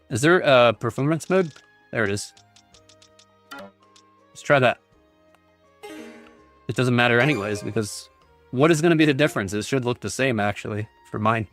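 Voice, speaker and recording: A man's voice: medium pitch, normal speed, pauses often, fairly bright tone. A man streaming a video game, talking casually and rambling as he reads text aloud with many fillers. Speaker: gaming streamer. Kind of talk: casual livestream commentary. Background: faint game music.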